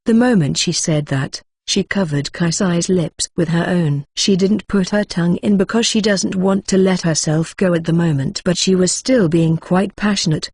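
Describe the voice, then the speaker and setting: Computer-voiced woman narrating a novel, flat mechanical reading, low-ish and breathy, dry close sound. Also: moderate pace, few pauses, no echo. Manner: flat text-to-speech reading, reads punctuation aloud. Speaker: audiobook narrator. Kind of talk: scripted narration.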